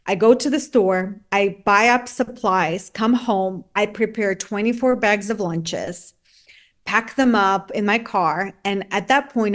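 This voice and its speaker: A woman who immigrated to the United States, a podcast guest giving a personal testimony and acting out her own remarks as she tells it. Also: mid-range voice.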